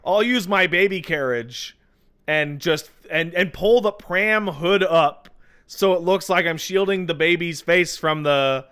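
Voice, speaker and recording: Bright, crisp-voiced joking man. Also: on the high side. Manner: joking, absurd riffs, loud put-on outbursts. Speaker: podcast co-host. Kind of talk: casual chat.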